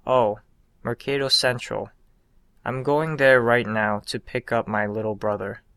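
A man voicing a friendly young woman who sells roses on the street, speaking politely and softly. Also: medium pitch, steady tone, measured pace, creaky, clear, resonant tone, dry recording. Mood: gentle.

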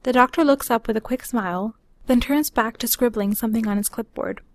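Woman reading her story, measured. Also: a little high. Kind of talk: reading a personal story aloud.

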